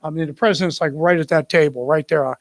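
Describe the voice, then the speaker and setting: A man in his sixties, a retired military officer, telling anecdotes in an animated way and acting out the people in them. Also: on the high side, fast, dry recording. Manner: animated storyteller who acts out the people in his story. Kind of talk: anecdotal storytelling.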